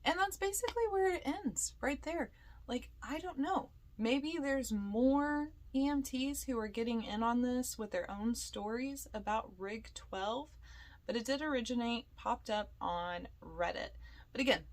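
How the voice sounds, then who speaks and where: A woman's voice: fairly high pitch, unhurried. Chatty young woman telling a ghost story. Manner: chatty and animated, lots of fillers, acts out quoted lines. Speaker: podcast host and paranormal investigator. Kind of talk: casual storytelling.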